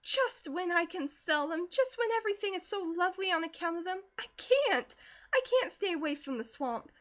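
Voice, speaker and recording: Audiobook girl voice: a woman playing an earnest teenage country girl, high and pleading, with a dull lo-fi sound. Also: moderate pace, lightly acted. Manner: pleading, breathless, rising.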